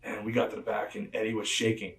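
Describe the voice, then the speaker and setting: A man with a somewhat low voice tells loose, rambling stories, leaning on fillers and small chuckles as he goes. He sounds set back from the microphone. The room around him is roomy and echoing. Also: flat delivery, fast, a bit bright. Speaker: interview guest, former pro wrestler. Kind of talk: casual storytelling interview. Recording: roomy and distant from the mic.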